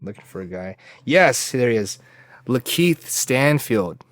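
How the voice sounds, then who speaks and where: A man's voice: medium pitch, lively intonation, a little slow, no room sound, studio quality. A man from Southern California in casual podcast chat, laid-back and enthusiastic, calling people dude and bro.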